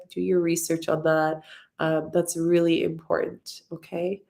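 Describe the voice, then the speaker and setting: A woman's voice: on the low side, flat delivery, unhurried, gravelly, mellow. A woman hosting a live stream, answering viewer comments in a loose, rambling way, effusive and openly emotional with lots of gratitude. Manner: loose, rambling with many fillers. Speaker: spiritual mentor and channel host.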